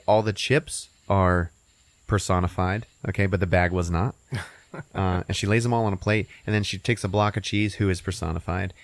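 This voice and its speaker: A man hosting a podcast, casually recapping a movie's plot with lots of profanity and laughter, jumping into squeaky put-on voices for the characters. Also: no room sound. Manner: profane, laughing, animated storytelling. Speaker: podcast host.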